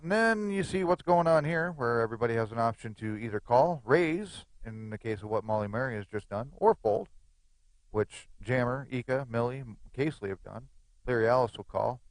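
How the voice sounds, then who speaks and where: A man's voice: mid-range voice, expressive, brisk, no echo. A man giving live, chatty play-by-play commentary on a poker game, with joking asides.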